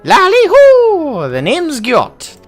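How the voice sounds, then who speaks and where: A man's voice: wildly swooping pitch, moderate pace, faint music behind. A man doing a blustering old dwarf hunter. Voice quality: high, exaggerated brogue-like voice. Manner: hearty, blustering, loud greetings. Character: boisterous old male dwarf hunter, gruff.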